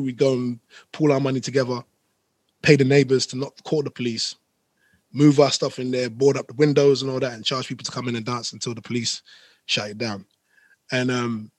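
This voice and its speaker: Laid-back DJ telling stories. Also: male voice, medium pitch, no room sound. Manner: rambling, laid-back storytelling with London slang. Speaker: guest DJ. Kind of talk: casual podcast chat.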